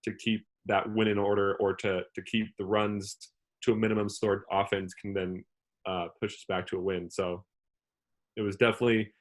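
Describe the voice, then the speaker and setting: Young male athlete guest, lower-pitched, chatty and rambling, lots of "like" fillers. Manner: rambling, heavy use of "like" as filler. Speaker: relief pitcher, interview guest. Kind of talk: casual interview talk.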